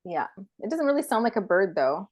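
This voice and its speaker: A woman's voice: medium pitch, big pitch swings, fairly quick, a little mellow. A woman co-hosting a podcast in casual chat, supportive and teasing, often laughing along. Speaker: podcast co-host.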